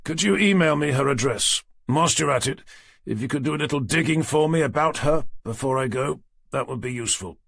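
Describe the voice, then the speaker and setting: A man's voice: medium pitch, a little fast, creaky, a bit bright, slightly rough, no echo, voice pushed up. A man reading a sardonic detective inspector. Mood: commanding. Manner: dry, commanding, sardonic. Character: gruff weary middle-aged male detective inspector. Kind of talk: audiobook character reading.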